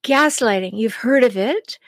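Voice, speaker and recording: A middle-aged woman with a fairly high voice hosts a solo advice podcast, talking directly to her listeners. She speaks deliberately and slows down with pauses to stress key words. The recording is dry and close, with no room echo. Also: expressive, fairly bright tone. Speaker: podcast host and relationship coach.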